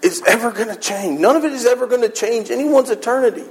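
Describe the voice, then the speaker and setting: A man's voice: extremely high pitch, fast, background noise. A man preaching a sermon in church, earnest and conversational, acting out little voices as he retells a scene.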